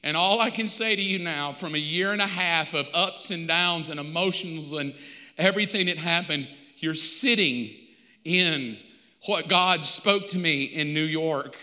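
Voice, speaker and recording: High, bright-voiced pastor in a reverberant hall. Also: male voice, unhurried. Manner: conversational storytelling with humor. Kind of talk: sermon.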